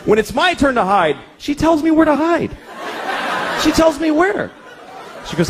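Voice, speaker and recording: A man rants through a crude stand-up set in a high voice. His pitch leaps around constantly. Steady noise sits behind him. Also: a little slow, pauses often, crowd noise. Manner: crude, ranting delivery. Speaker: stand-up comedian.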